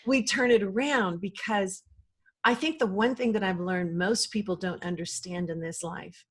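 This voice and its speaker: A woman's voice: medium pitch, normal speed, breathy edge. A woman guest on a podcast, a life coach talking casually and with animation, acting out quoted voices and laughing easily. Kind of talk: casual conversational interview.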